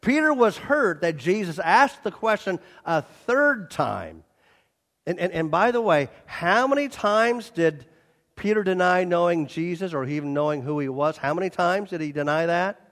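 A man preaching a sermon as a pastor, reading scripture and surging loudly on quotes and appeals. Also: sits high, lively intonation, moderate pace, in a large hall.

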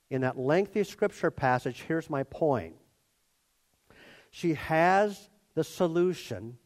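A man preaching a conversational sermon and acting out the characters in his story. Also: on the high side. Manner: expressive, conversational, acts out characters. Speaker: pastor.

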